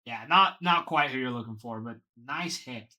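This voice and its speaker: A man's voice: medium pitch, lively intonation, moderate pace, sharp tone. A man hosting a live card box break, talking to viewers by name and gushing over each card.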